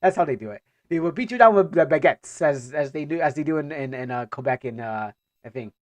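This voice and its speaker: A man's voice: a little high, animated, a little fast, a little mellow, no room sound. A man streaming casually, reacting to game trailers as he talks, rambling and stammering with joking asides.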